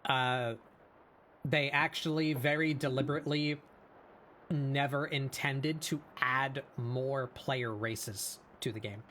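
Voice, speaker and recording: A man chatting on his art stream, unhurried and meandering, padding his points with ums and uhs. His voice sits mid-range, with a faint noise under the recording. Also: medium pitch, steady tone, a bit bright. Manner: slow, rambling explanations with frequent fillers. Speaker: stream host. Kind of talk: casual chat.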